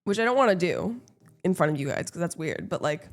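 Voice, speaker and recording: A woman's voice: lowish voice, big pitch swings, a little fast. A woman streamer chatting casually with her viewers, blunt and playful, swearing freely.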